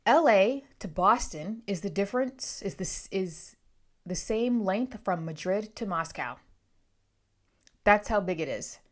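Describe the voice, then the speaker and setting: A woman with an American East Coast accent talks casually to camera about a book, drifting off on tangents and laughing easily. Her voice sits at a middle pitch. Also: lively intonation, unhurried. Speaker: book reviewer.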